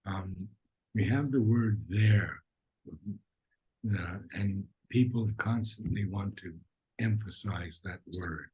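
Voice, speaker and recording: A man gently coaching a reader, giving corrections and demonstrating how to deliver lines. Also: on the low side, slow pace, slightly rough, low-quality recording. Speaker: reading teacher.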